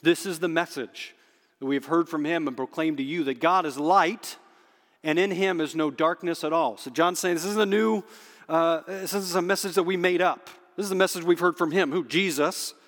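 Male pastor, emphatic sermon delivery, slightly higher voice, long hall echo. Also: a bit bright. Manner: emphatic, slows down on key phrases. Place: church sanctuary under stage spotlights.

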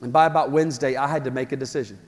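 A man preaching a sermon as pastor, impassioned and building to shouts. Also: mid-range voice, fairly even intonation, rapid-fire. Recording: long hall reverb with faint music.

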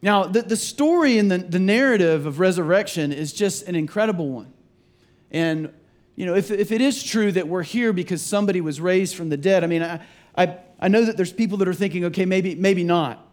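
A man's voice: high-pitched, a little fast. A male pastor giving a conversational Easter sermon in a church, often restarting and repeating words as he goes. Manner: casual and rambling, with frequent restarts and repeated words. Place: church sanctuary.

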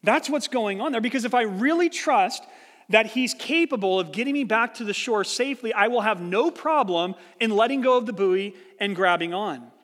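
High-pitched guy preaching, earnest storyteller, long echo like a big hall. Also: expressive, moderate pace, a bit bright. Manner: storytelling with acted-out quotes, earnest and explanatory. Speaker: pastor. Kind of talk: sermon.

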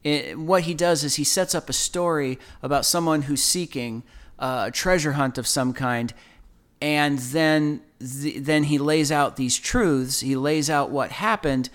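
A man's voice: a little high, a bit bright. A man co-hosting a podcast, talking casually and rambling through many restarts and fillers. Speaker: podcast co-host.

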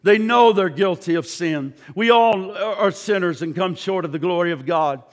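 A man preaches in a church with a high, ringing voice. His delivery is impassioned, climbing to loud, fervent peaks and then dropping to a hushed, pleading tone in prayer, and he often repeats his words as he goes. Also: normal speed, in a large hall. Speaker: pastor. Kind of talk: sermon and altar prayer.

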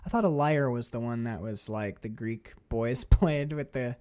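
A woman co-hosting a podcast in casual chat, animated, laughing often and mimicking voices. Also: rumbling low, normal speed, clear, resonant tone. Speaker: podcast co-host.

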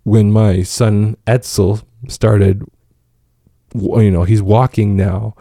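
Gravelly, low-voiced dad rambling. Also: male voice, level tone, slow, warm tone, no echo, studio quality. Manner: rambling, with many fillers and restarts. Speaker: father of five giving parenting advice. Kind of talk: casual monologue.

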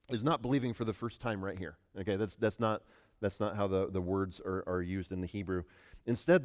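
Male pastor, lowish voice, conversational sermon delivery with rhetorical questions, long hall reverb.

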